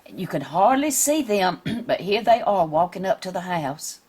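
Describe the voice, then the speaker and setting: A woman reading a picture book aloud to children, gently asking them questions along the way. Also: fairly low pitch, very animated, measured pace, husky.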